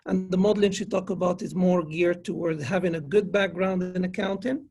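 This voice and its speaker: A man's voice: sits high, fairly even intonation, brisk, a little mellow, breathy edge. A man, a finance professor, giving an earnest conference lecture to students, often restarting his sentences. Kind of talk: conference presentation. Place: online conference.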